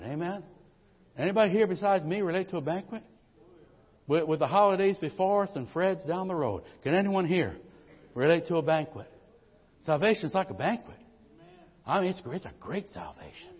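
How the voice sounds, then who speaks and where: This middle-aged man speaks a little fast, his voice a touch high, slightly rough, and lively in intonation. As a pastor in the sanctuary, he tells humorous, homespun stories and exclaims "amen" again and again. The audio is muffled lo-fi church sound that rings with long reverb.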